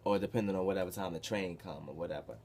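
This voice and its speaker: A young man telling a story from his past in a casual, animated, profane way, with sudden loud bursts. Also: deep voice, fast talker, slight background noise. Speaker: vlogger.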